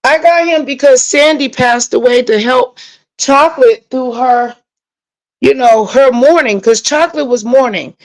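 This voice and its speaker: Woman, livestream host, AAVE, higher voice, emotional, on a rant, talking back to chat. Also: measured pace, poor audio.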